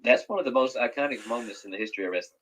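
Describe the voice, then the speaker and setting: A man's voice: medium pitch, rapid-fire, fairly bright tone, poor audio. A man who is a professional wrestler, talking as a podcast guest in an enthusiastic, casual way. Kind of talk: casual chat.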